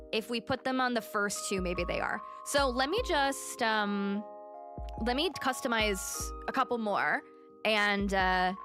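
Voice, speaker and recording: A woman livestreamer chatting casually and animatedly, telling a story while she plays and greets her chat. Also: mid-range voice.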